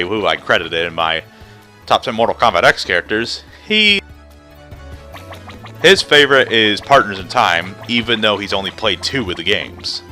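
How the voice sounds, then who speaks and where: Young male let's player, low-ish voice with animated swings, chatty and self-interrupting. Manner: rambling, self-interrupting, jokey. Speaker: let's play commentator. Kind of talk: casual gameplay commentary.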